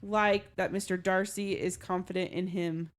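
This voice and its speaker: A woman's voice: fairly low pitch, little pitch movement, normal speed. A woman co-hosting a book podcast, talking frankly and matter-of-factly in casual chat. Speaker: podcast co-host.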